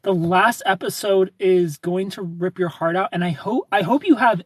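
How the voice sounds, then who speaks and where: A young man hosts a livestream, reading viewer comments and chatting casually in an animated, rambling way, repeating phrases and laughing. His voice sits high and is slightly rough, at a normal speed, in a dry recording.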